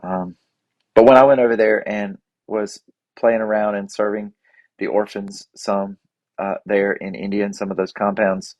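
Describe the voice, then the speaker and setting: Folksy, low-voiced man in his forties. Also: little pitch movement, moderate pace, darkish tone, no room sound. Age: 40s. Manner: rambling, self-deprecating, folksy. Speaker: podcast host. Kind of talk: casual reflective monologue.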